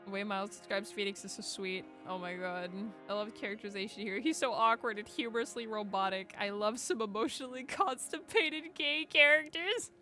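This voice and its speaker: A woman with a bright, forceful voice reads fan fiction aloud on a live stream, close to a desk microphone. Between passages she gushes, giggles and swears freely. Soft background music plays faintly underneath. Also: mid-range voice, a little fast, hardly any pauses.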